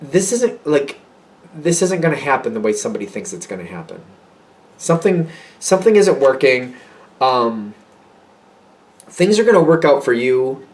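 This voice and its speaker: Male tarot reader, mid pitch, chatty and excitable, rambles and self-corrects. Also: moderate pace, long pauses. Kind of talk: casual tarot reading.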